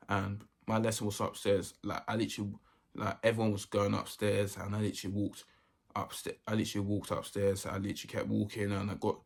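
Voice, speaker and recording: A man's voice: lowish voice, gravelly. A young man, telling a story in a casual, rambling way that keeps repeating itself. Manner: rambling, repeats himself often. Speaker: vlogger.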